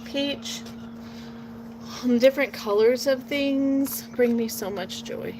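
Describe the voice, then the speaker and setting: A woman's voice: high voice, slow pace, background noise. A woman in her late thirties from Portland, Oregon, chatting casually and rambling in a folksy way while she works, recorded on a phone outdoors. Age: 30s. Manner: rambling, folksy, drifts into a playful southern drawl. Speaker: vlogger. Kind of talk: casual chat while crafting. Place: outdoors at home. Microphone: phone nearby.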